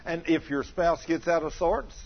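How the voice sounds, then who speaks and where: A man's voice: fairly high pitch, normal speed. An older man preaching a sermon, telling homey stories and asking the congregation questions, then leading a prayer. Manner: folksy storytelling, asks the congregation questions. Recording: slightly dull, faint room noise.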